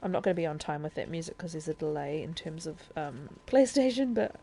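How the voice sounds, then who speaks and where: A woman's voice: low-pitched, expressive, fast, warm tone, breathy edge, faint music behind. A woman streaming a video game live, chattily explaining the controls and thinking aloud as she plays. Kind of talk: casual live-stream gameplay tutorial.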